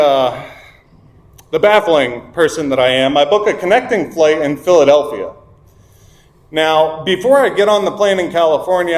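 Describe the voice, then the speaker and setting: Candid man telling his recovery story. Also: fairly high pitch. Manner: candid and self-mocking, quotes people in dialogue. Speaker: speaker at a recovery meeting. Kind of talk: personal recovery story told to a group. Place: meeting room. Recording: echoey meeting room.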